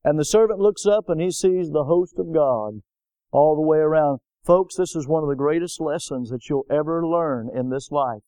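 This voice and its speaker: A man delivers a sermon from the pulpit, his voice high-pitched and smooth, ringing clear. He preaches with emphatic swells and rhetorical questions to the congregation. The sound is dry and close, with little room echo. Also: normal speed, mellow. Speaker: pastor.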